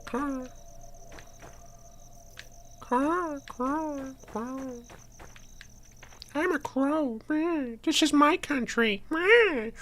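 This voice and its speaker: A man's voice: very high-pitched, sharp tone, slight background noise, pitched above the performer's own voice, exaggerated voice. A man putting on the voice of a silly, smug crow that caws and bleats. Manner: squawky, bleating "meh". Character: dumb squawking crow, male, smug.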